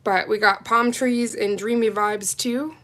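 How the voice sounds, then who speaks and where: A woman with a somewhat high voice hosts a live nail art stream. She chats loosely with her viewers, reads out their comments and answers them as she goes, swinging between relaxed talk and excitement. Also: measured pace. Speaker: nail livestream host. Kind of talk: casual livestream chat with viewers.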